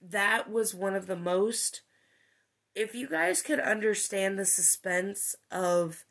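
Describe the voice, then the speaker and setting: This podcast host has a medium-pitched, gravelly voice and takes her time as she recounts a ghost story in a casual chat. She's animated and leans on many fillers, cursing whenever she gets worked up.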